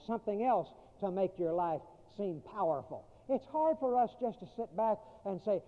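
A man preaching a sermon, emphatic, repeating key phrases and swinging between loud and quiet passages. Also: high voice. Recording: tinny phone-like audio in a reverberant hall.

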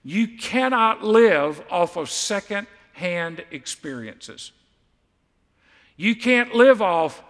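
A man's voice: high voice, sing-song, slow, fairly bright tone, in a large hall. A man preaching a sermon as pastor, stressing and repeating key words for emphasis.

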